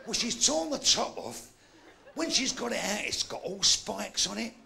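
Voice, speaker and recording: Older Cockney stand-up, high gravelly voice that swoops all over, bawdy storyteller. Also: male voice, unhurried, a little hiss or hum. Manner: animated, bawdy yarn-spinning with shouted sound effects. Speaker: stand-up comedian. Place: live comedy venue.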